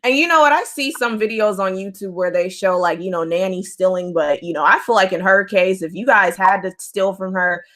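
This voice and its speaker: A woman hosts a casual interview. She talks in a chatty, conversational way, asks questions and throws in quick reactions. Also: medium pitch, fairly bright tone. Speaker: interview host.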